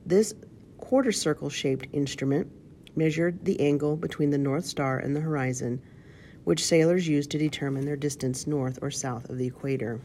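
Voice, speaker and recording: A woman reading a children's storybook aloud, steady with occasional slips, calling out page numbers. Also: low-pitched, moderate pace, slight background noise. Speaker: reader.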